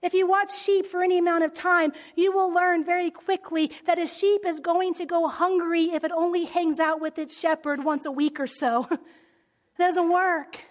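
A woman with a very high voice preaching in a relaxed, conversational way. She is animated and often sinks into a soft near-whisper. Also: moderate pace. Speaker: speaker. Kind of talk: conversational sermon.

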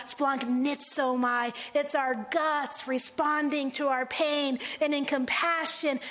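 A woman pastor preaching a sermon, animated and laughing, dropping to slow, hushed phrases for emphasis. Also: high voice.

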